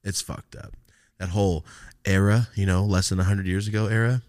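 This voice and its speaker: Low-voiced young man telling stories with swearing. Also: fairly quick. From California. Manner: animated storytelling, laughs a lot, cusses constantly. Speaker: podcast host. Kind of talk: casual profane podcast chat.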